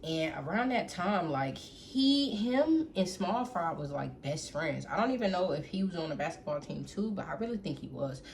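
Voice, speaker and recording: A young adult woman telling a casual storytime to camera, animated and profane, who keeps talking straight to her audience as y'all. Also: fairly low pitch, normal speed, hardly any pauses. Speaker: storytime vlogger. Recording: faint background noise.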